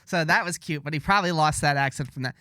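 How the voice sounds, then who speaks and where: A man co-hosting a casual podcast, spinning long sarcastic tangents with mock boasting. His voice sits a touch high for a man, recorded close and completely dry with no room sound. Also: fast talker, bright, forceful tone, smooth, dry recording. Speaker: podcast co-host.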